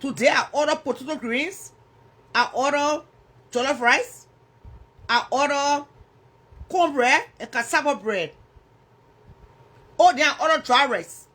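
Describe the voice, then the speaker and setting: A woman's voice: sits high, a little slow, long pauses, fairly bright tone. A woman with a Liberian English accent hosting a casual livestream, chatting and teasing viewers as she answers their comments. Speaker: livestream host.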